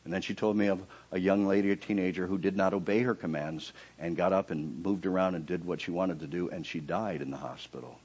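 A man preaching his personal testimony in a sermon, his voice swinging from quiet and low in narration to high, loud outbursts in the reenacted prayers. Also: fairly even intonation, brisk, few pauses, slightly rough, muffled recording.

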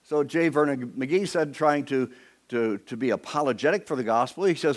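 A man's voice: medium pitch, moderate pace. A male pastor delivers a sermon to his congregation, weaving a personal story into the lesson. His voice sits in an ordinary middle range, and he slips into voices for the people he describes.

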